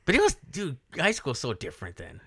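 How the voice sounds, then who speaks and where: This podcast co-host, a man in his forties, talks fast in a medium-pitched voice with huge swings in pitch, vocal fry, and a pushed, bright, husky quality. He rambles through the casual conversation, laughing often and leaning on fillers. The sound is dry and studio-clean.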